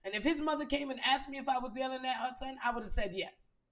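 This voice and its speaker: A woman's voice: high-pitched, fast talker, a bit bright. A woman telling a story in a blunt, profane and emphatic monologue as a podcast host. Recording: echoey room.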